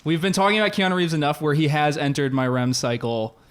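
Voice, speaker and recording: A man co-hosting a casual podcast, telling a story in an animated way and laughing often. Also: fairly high pitch, fast talker, a little hiss or hum. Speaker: podcast co-host. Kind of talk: casual chat.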